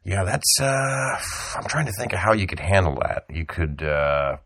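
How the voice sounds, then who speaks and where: A man's voice: sits low, sing-song, vocal fry, a bit bright, no echo, clean studio sound. A man co-hosting a podcast in casual chat, chiming in with crude wisecracks. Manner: crude wisecracks, quick to chime in. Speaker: podcast co-host.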